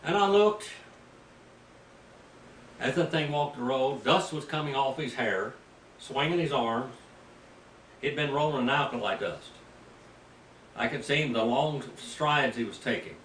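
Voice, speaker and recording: An older man, a pastor, preaching a sermon as an animated, folksy story with sudden loud bursts. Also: medium pitch, unhurried, long pauses. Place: mission field, preaching to a group. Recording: roomy, distant mic with faint ambient noise.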